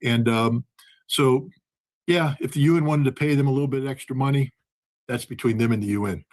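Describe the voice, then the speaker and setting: A man's voice: medium pitch, brisk, a little mellow. A man, a former weapons inspector and ex-Marine, telling a story in conversation and acting out the dialogue.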